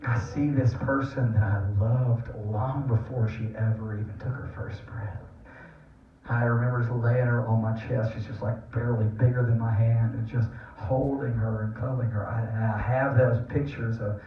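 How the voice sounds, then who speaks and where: A man's voice: medium pitch, flat delivery, normal speed, a little hiss or hum. A man giving a personal testimony sermon to an audience, telling family stories in an earnest, tender way. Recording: dull, echoey room from far off.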